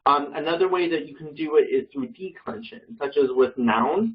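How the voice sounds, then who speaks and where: A man teaches a group over a video call in a somewhat high voice. He explains loosely, full of ums, likes and restarts, and often corrects himself mid-sentence. The sound is a little dull and muffled. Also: normal speed, recorded from a distance. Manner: hesitant, with many fillers and self-corrections. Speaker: Bible study teacher. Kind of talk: casual online class explanation.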